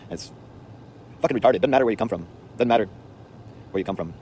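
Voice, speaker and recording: A man's voice: lowish voice, fast talker, darkish tone, a little hiss or hum. A man telling rambling stories in a casual, offhand way, full of slang and restarts, outdoors on a city street. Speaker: vlogger.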